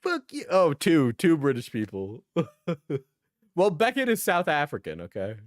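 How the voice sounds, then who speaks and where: A man's voice: on the high side, sing-song, unhurried, dry recording, studio quality. A man reacting live to commentary videos on his stream, blunt and profane and laughing often.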